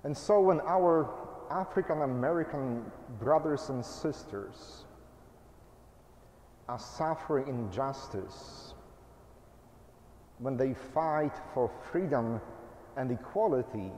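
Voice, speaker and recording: Slow-speaking man preaching in an echoing church. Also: medium pitch, animated, darkish tone, a little hiss or hum. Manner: measured, delivered in short phrases. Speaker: pastor. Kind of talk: sermon.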